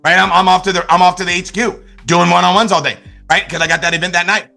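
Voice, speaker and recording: Male motivational trainer, bright and pushy delivery, higher pitched, constant "right?" check-ins. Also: fast talker, creaky, soft background music. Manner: energetic, repetitive, many restarts and "right?". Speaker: network marketing trainer. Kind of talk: motivational business talk.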